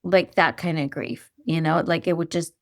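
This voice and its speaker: A woman's voice: deep voice, fairly even intonation, normal speed, dry recording. Middle-aged woman guest, earnest and reflective, stops and restarts, dry room. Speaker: podcast guest. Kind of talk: casual chat.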